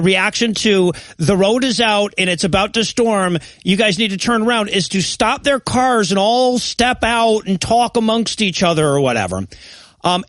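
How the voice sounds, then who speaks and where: A man's voice: high-pitched, a bit bright, no room sound. A man co-hosting a comedy podcast, recapping a bad movie in a rambling, sarcastic way with frequent laughs. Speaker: podcast co-host.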